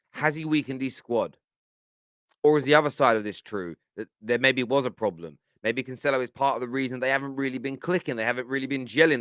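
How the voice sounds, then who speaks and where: A man hosting a football fan channel, giving animated, exasperated reaction commentary on radio clips. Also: mid-range voice, no echo. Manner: animated, exasperated, laughs often.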